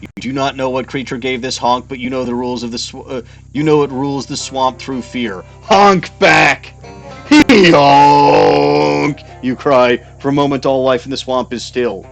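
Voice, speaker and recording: A man reads a game's narration aloud as he plays, dropping wry, chuckling asides. His voice sits in a middle range. Soft game music plays in the background. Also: medium pitch, little pitch movement, brisk. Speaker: game player. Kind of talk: reading a game's narration aloud while playing.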